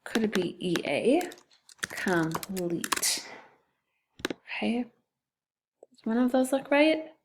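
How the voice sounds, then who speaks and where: A woman's voice: on the high side, lively intonation, measured pace, pauses often, noisy background. A woman teacher giving a phonics lesson to second graders, patient and sounding out letters and syllables.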